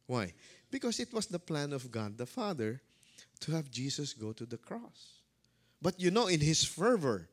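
A male pastor preaching a sermon, dramatic, swinging between loud calls and hushed words. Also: mid-range voice, very animated, moderate pace.

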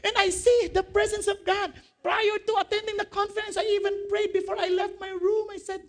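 A male pastor preaching a sermon in a very high voice. He quotes scripture, asks the congregation questions, and laughs along with his own jokes. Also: flat delivery, fairly quick, hardly any pauses.

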